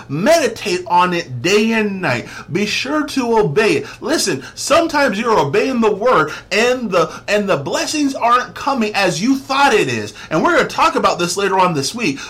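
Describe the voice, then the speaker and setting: A male preacher delivers a devotional message with emphatic, insistent conviction. His voice sits high and swings widely in pitch. He often doubles back on a phrase to press the point home. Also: fairly bright tone. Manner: emphatic, repeats phrases for stress; says "get this" often. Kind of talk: devotional sermon to listeners.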